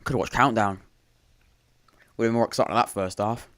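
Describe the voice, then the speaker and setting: A man's voice: on the low side, normal speed, fairly bright tone. A man hosts a live football watchalong from home, talking in a loose, rambling way. He keeps breaking off and restarting, and drops dry, sarcastic remarks between bits of play-by-play. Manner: rambling, self-interrupting, dry sarcastic asides. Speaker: podcast host commentating a live watchalong. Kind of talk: casual live match commentary and chat.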